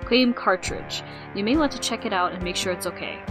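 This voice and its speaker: A woman's voice: mid-range voice, expressive, brisk, lightly acted. A woman voicing a formal, wordy young boy inventor, with game music behind. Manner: wordy and precise.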